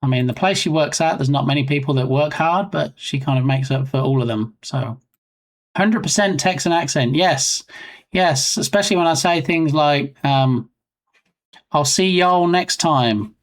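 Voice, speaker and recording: A man's voice: on the high side, normal speed. A man chatting casually on a live game development stream, rambling and self-mocking.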